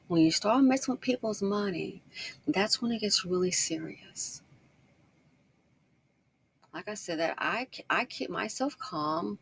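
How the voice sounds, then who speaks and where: A woman giving casual online commentary, talking fast and slangy and repeating points for emphasis. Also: mid-range voice, breathy edge. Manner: talks fast, tries to slow herself down. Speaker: YouTube commentator.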